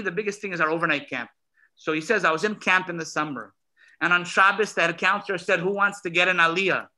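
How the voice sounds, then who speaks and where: A man's voice: fairly high pitch, bright, forceful tone, low-quality recording. A man, a rabbi, telling a story at a gathering, acting out the dialogue with emphasis. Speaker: emissary rabbi. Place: synagogue gathering hall.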